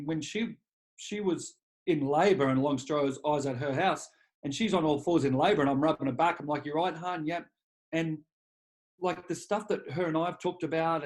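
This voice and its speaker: Blunt, profane man in his forties. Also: on the high side. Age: 40s. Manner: blunt and profane, animated when quoting himself. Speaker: guest, leadership coach. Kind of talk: candid conversational storytelling.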